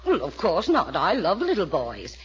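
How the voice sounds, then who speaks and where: A woman's voice: lowish voice, wildly swooping pitch, husky, full character voice. An actress playing a fussy older mother who gushes and talks down to everyone, in 1940s radio acting style. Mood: gushing. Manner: gushing, drawn-out, talks down to others. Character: fussy, gushing older mother, sweetly condescending. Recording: dull old radio recording.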